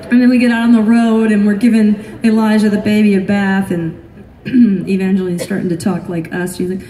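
A woman's voice: medium pitch, fairly even intonation, normal speed. A woman in her thirties tells a story from the stage between songs, laughing often and poking fun at herself. Her voice carries through an echoey hall, caught from a distance. A crowd murmurs and reacts underneath. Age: 30s. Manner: laughing, self-deprecating humor. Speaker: singer-songwriter on stage. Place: live concert venue with audience. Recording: echoey live venue, distant mic, crowd noise.

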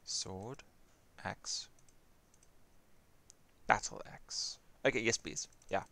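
A man's voice: on the low side, drawn-out words, gravelly, pushed and bright. A man streaming a game, chatting casually with friends and reading chat aloud. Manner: laid-back, reads chat aloud, laughs easily. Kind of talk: casual chat while gaming.

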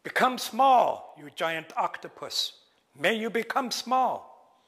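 A man's voice: high voice, expressive, normal speed, a bit bright, husky, pitched above the performer's own voice, heavily acted. A man putting on Raven, the plucky trickster. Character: cheeky clever male trickster Raven. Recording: long reverb of a lecture hall.

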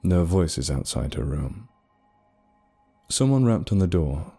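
A man narrating a dramatic story in a measured storytelling voice. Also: low voice, big pitch swings, gravelly, mellow, breathy edge, faint music behind.

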